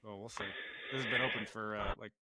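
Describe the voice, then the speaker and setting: Man, casual podcast chat, quick blunt banter, fast talker. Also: on the low side, steady tone, crowd noise. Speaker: podcast co-host.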